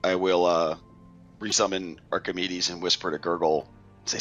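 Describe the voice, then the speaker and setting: A man's voice: low voice, flat delivery, normal speed, fairly bright tone, soft background music. A man playing in a tabletop game, speaking hesitantly with many "um" fillers over dull voice-chat audio. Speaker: player. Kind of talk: tabletop role-play chat.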